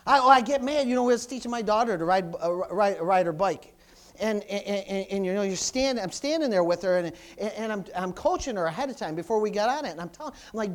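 A middle-aged man, preaching a sermon with call-and-response, repeated hallelujahs, and swings from loud exclamations to soft asides. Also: sits high, lively intonation, brisk.

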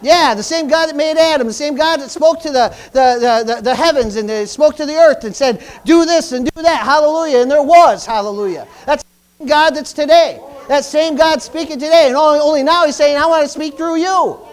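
A man's voice: extremely high pitch, fairly quick. A man preaching a fervent sermon in church, repeating himself and punctuating lines with hallelujah and praise the Lord. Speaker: pastor.

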